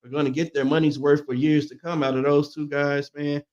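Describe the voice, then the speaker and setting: A man's voice: on the high side, level tone, fairly quick, darkish tone, muffled recording. A man co-hosting a morning sports talk show, laid-back and agreeable, breaking down the game in easy conversation.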